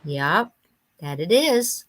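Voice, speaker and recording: A woman co-hosts a live vintage sale, chatting casually and laughing easily. She speaks slowly, with a bright, sharp tone. Her pitch swoops up and down as she talks. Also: sing-song. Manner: unhurried, quick to laugh. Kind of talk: casual sales chat.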